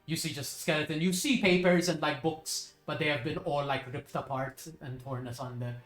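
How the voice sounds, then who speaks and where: A man's voice: a little high, fairly even intonation, moderate pace, a bit bright. A man narrating a tabletop game as game master, casual, with fillers and self-corrections. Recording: echoey room, faint music.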